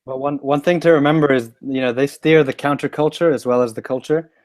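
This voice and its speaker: A man's voice: medium pitch, fairly even intonation, a little fast, darkish tone, dry recording. A man from Sweden, a guest on a live online talk, speaking hesitantly with many fillers and restarts. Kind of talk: casual chat. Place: London.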